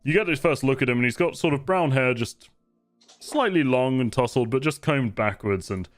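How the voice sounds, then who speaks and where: A man narrating as game master, describing scenes in a relaxed, rambling, descriptive way. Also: mid-range voice, moderate pace, dry recording, faint music behind. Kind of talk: improvised tabletop narration.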